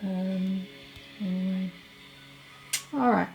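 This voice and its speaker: A woman giving a solo mediumship reading as a psychic medium, talking in a halting, chatty way and correcting herself as she goes. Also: mid-range voice, fairly even intonation, creaky, muffled recording, soft background music.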